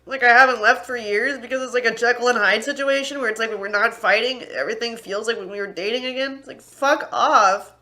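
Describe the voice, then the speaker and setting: Young woman streamer, angry and profane, high bright voice, raw live rant. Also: brisk, few pauses. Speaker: livestreamer. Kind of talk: unscripted livestream rant.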